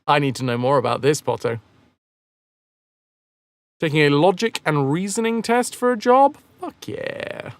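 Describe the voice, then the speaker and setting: A man's voice: a little high, normal speed, long pauses, dry recording. A man chatting casually on a game live stream, rambling and joking as he answers chat messages.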